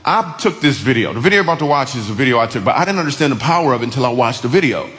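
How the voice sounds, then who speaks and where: A man's voice: medium pitch, animated, rapid-fire, a bit bright, long reverb tail. A man, a comedian, telling a funny family story on a radio spot.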